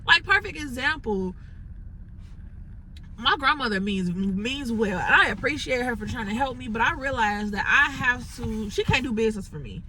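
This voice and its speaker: A woman's voice: on the high side, lively intonation, normal speed, pushed and bright, poor audio. A woman from Chicago venting frustrated, rambling thoughts into her phone from inside a parked car, full of "like" fillers. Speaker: entrepreneur vlogger. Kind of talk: unscripted venting monologue.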